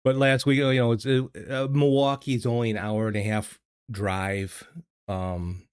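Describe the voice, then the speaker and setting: In a fairly low, level, clean-toned voice at a measured pace, an older American man hosts a casual livestream, reading chat at his home streaming studio. He talks hesitantly, repeating words and chuckling often, into a desk mic, with studio-quality sound and no room sound.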